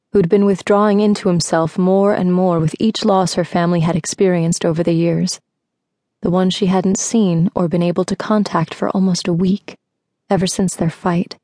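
A woman narrating an audiobook with steady, even storytelling, recorded in a studio. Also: fairly low pitch, dry recording. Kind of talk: scripted narration.

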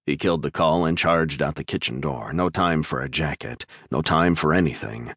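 Male audiobook narrator, low voice, dry close studio sound. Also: normal speed, a bit bright, no room sound. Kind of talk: scripted thriller narration.

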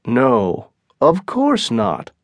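Give me a man reading a blunt, stern colony leader in an audiobook, very slow and dry. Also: medium pitch, huge pitch swings, dry recording, exaggerated voice. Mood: questioning. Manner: firm and blunt. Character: stern, commanding male English colony leader.

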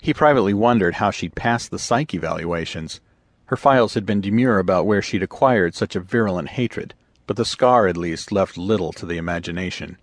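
A man narrating a science fiction audiobook in a steady, even storytelling manner. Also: low-pitched, fairly quick, dry recording. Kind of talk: scripted narration.

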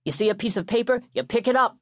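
A woman's voice: on the high side, fast talker, dry recording, clean studio sound, pitched above the performer's own voice. Woman doing a weary coach dad, sighing. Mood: lecturing. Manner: sighing, exasperated lecturing. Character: weary middle-aged football coach father, male.

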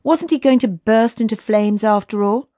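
A woman narrating a children's audiobook in a steady, unhurried way. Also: on the high side, dry recording.

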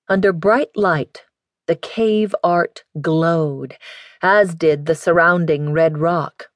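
A woman narrating an audiobook in a measured, even storytelling manner. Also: low-pitched, dry recording, clean studio sound. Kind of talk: scripted narration.

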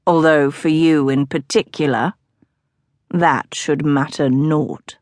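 A woman voicing a smirking, scheming male playwright in an audiobook, lowering her voice for him. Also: fairly even intonation, takes it slowly, a little mellow, no echo, clean studio sound.

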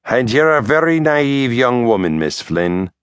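A man voicing a brisk, smooth-talking female lawyer, cool and increasingly impatient. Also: fairly low pitch, lively intonation, no echo, studio quality, close to an everyday voice. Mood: sharp. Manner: smooth, curt, grows impatient. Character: brisk, slippery woman lawyer, middle-aged.

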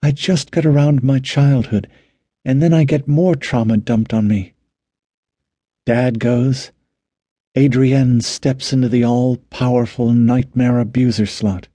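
A man's voice: mid-range voice, fairly even intonation, a little slow, mellow, dry recording, voice pushed up, lightly acted. A man voicing a tired young woman shaken by nightmares, talking with weary exasperation.

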